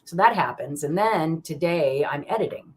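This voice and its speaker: Woman host, very deep voice, rambling live-stream chat with viewers. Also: expressive, normal speed, slightly rough. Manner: rambling, chatty, many fillers and restarts; greets viewers by name mid-sentence. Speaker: card reader hosting a live stream.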